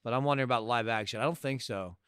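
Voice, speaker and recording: A man's voice: mid-range voice, rapid-fire, fairly bright tone, clean tone, no room sound, clean studio sound. A man co-hosting a podcast, joking and swearing casually about a TV show. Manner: joking, swears, breaks into silly voices. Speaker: podcast co-host. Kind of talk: casual chat recapping a TV show.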